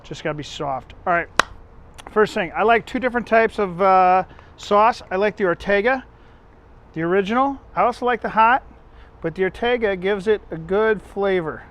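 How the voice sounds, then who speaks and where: A man's voice: high voice, moderate pace, fairly bright tone, slight background noise. A man hosting a casual home cooking video, chatting to viewers in a rambling, self-correcting way. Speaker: home cook and channel host.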